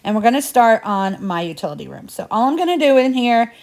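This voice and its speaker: A talkative woman whose Southern US drawl drifts in and out of a Midwestern lilt. She speaks with a slightly higher voice, rambling and folksy as she chats her way through household cleaning, addressing viewers warmly as y'all. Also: sing-song, brisk. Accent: Southern US twang mixed with Midwestern. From Indiana, USA. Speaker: home cleaning vlogger. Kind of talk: casual chatty narration while cleaning.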